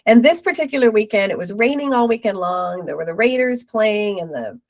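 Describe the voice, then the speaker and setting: A middle-aged woman, a podcast guest, telling a personal story with lively retold quotes. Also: mid-range voice, a little fast. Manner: animated retelling with acted quotes.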